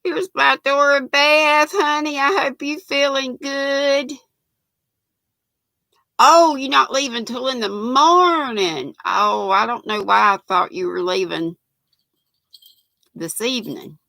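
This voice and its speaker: A woman's voice: high-pitched, slow, creaky, sharp tone, no room sound. A woman, hosting a live craft stream, chatty and folksy, greeting viewers by name and calling them honey. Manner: chatty and folksy, laughs often, calls viewers sweet and honey.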